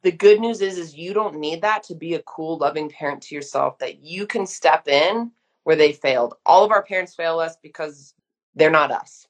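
A woman's voice: low-pitched, normal speed. A woman in her thirties speaking frankly and emphatically as a guest in a casual conversation. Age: 30s. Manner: frank, emphatic, uses mild swearing. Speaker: guest therapist.

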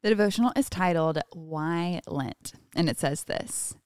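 Calm woman reading a devotional aloud. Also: on the low side, a little slow, clean tone, no echo, clean studio sound. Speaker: podcast co-host.

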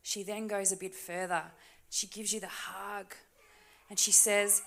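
A woman preaching a sermon in a church, talking conversationally with tag questions and dropping to soft, hushed asides. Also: medium pitch, flat delivery, unhurried, gravelly. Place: church stage.

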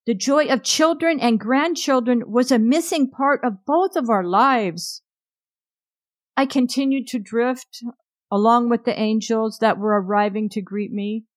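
A woman tells a past-life story in a slow, unhurried, emotional way. Her voice sits somewhat high. The recording is close and dry, with no room sound. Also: dry recording. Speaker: narrator. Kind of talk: first-person past-life narration.

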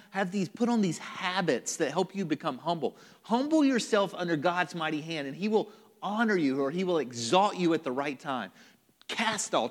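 Guy preaching in church, kinda high voice, long echo, drops to a whisper sometimes. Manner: conversational preaching with sudden whispered emphasis. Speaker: pastor. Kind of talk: sermon.

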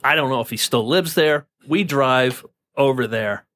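Man, from New Jersey, podcast guest, intense, profane, stammering repeats, mid-pitched voice. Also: normal speed, a bit bright. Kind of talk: telling a personal story.

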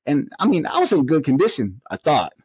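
A middle-aged man, a correctional officer, telling his story as an animated interview guest. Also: fairly high pitch, brisk, breathy edge, no room sound, rough recording. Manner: animated storyteller who acts out quoted exchanges.

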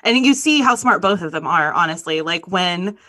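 Bright-voiced woman, playful and chatty. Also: on the low side, lively intonation, moderate pace, no echo. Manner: playful, teasing, lots of "like". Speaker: podcast co-host. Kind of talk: casual movie discussion.

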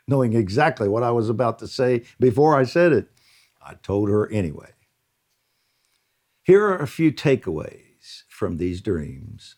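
A man reading a prayer account aloud in a slow, earnest devotional style, lifting his voice on quoted lines. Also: on the low side, big pitch swings, darkish tone, breathy edge.

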